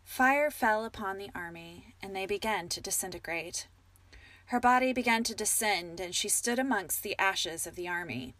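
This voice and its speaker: A woman's voice: mid-range voice, a bit bright, no room sound. A woman reading a romantic fantasy story aloud as narrator, lifting her voice for the heroine's lines.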